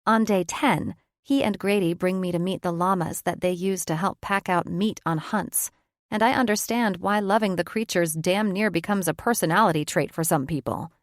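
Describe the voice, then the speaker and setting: A woman's voice: lowish voice, normal speed, no room sound. A woman reads a first-person audiobook in a reflective, conversational way, close to the mic. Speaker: audiobook narrator.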